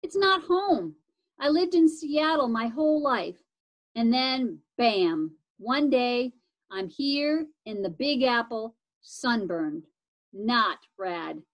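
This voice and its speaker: A woman reads as a red-headed storybook boy, slangy and excitable, throwing out "radical" at every turn. The voice rides high and pushes loud. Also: takes it slowly. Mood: glum. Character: upbeat red-headed scooter-riding boy, homesick.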